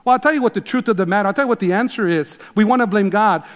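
A man in his sixties, a pastor, preaching an emphatic, animated sermon. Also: high-pitched, very fast, big-room sound. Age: 60s. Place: church sanctuary.

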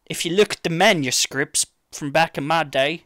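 A man putting on the voice of a boastful old man reminiscing in a retirement home, drawn out and slow. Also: a little high, fairly bright tone, no echo, clean studio sound, close to an everyday voice.

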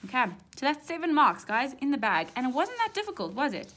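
A woman's voice: sits high, sing-song, quick pace, a bit bright. A young woman with a South African English accent, talking through an exam question as a maths teacher in a chatty way, often checking in with "right?". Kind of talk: exam walkthrough lesson.

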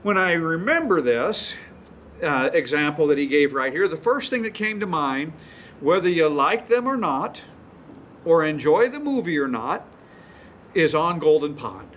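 A man's voice: on the high side, sing-song, measured pace, fairly bright tone, slight background noise. A male pastor teaching a sermon, retelling stories in a folksy, chuckling way.

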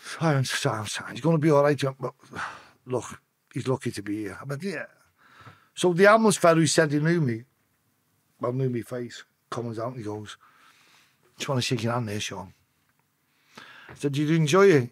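A man's voice: mid-range voice, animated, normal speed, long pauses, slightly rough. A man with a Liverpool accent, a podcast guest telling a story with lots of swearing and acted-out voices. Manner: swearing, acting out voices in his tale. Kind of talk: emotional storytelling.

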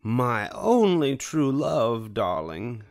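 A man's voice: sing-song, drawn-out words, no echo, clean studio sound, exaggerated voice. A man voicing a haughty, fur-loving female villain in a storybook reading, with a drawling, theatrical delivery. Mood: gushing. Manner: drawling, theatrical, swooping high. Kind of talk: storybook read-aloud.

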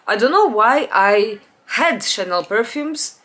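A woman, chatting casually in a home vlog, rambling with restarts and letting her voice trail off low and quiet. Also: animated, takes it slowly. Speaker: beauty vlogger. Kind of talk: casual perfume haul chat. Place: home, natural light.

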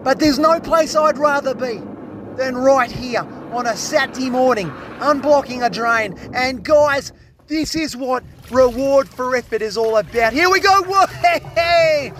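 An Australian man vlogging a plumbing job, excitable and jokey, full of slang and hungover. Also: very high voice, a little slow, noisy background. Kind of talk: casual on-the-job vlog commentary.

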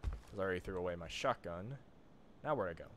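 A man casually commenting on his own horror gameplay, muttering to himself with sudden loud outbursts. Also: deep voice, lively intonation, fast, slight background noise. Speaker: streamer playing a horror game.

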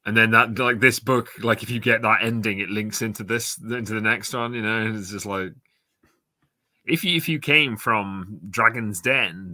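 Bright, dry-voiced joking male co-host. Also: on the low side, dry recording. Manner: joking, crude, stammering. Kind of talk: casual live-stream banter.

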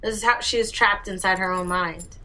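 A woman's voice: mid-range voice, steady tone, normal speed, bright, forceful tone. A woman hosting a casual reaction video, reacting aloud with gushing exclamations. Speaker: reaction channel host.

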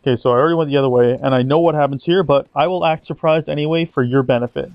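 A man's voice: a little high, very fast, dry recording, lo-fi sound. A man commentating over his own video game playthrough, sarcastic and mock-dramatic, swearing casually. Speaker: gameplay commentator. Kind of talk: sarcastic let's-play commentary.

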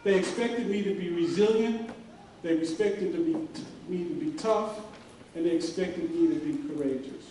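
A middle-aged man giving a graduation speech in a large hall, telling a story earnestly with many pauses and fillers. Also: sits high, dark tone. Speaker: commencement speaker. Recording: very echoey hall, voice from far off, faint hiss.

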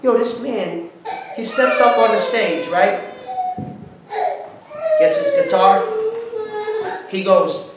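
A man preaching an informal sermon, telling stories in slangy talk, breaking into song and shouts as he retells them. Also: very high voice, takes it slowly, pauses often, heavy background noise. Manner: animated, bursts into song and shouts while retelling. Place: church hall. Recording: very echoey hall, mic at a distance.

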